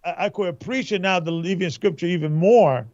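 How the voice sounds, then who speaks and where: A man's voice: sits high, a little fast, a little mellow, dry recording. Man musing on scripture, dull dry sound. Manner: hesitant, restarting mid-thought. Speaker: church elder. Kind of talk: casual scripture discussion.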